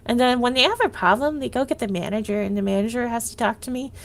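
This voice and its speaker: A woman's voice: on the high side, fast talker, vocal fry. A woman livestreaming, venting in a rambling casual monologue, full of "like" and restarts.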